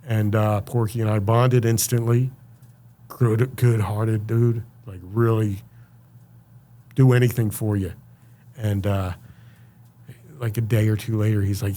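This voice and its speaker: A man speaking as a podcast guest, telling his story in a casual, animated way, acting out what others said and using lots of fillers. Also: on the low side, a little slow. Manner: animated, acts out quoted voices, many fillers.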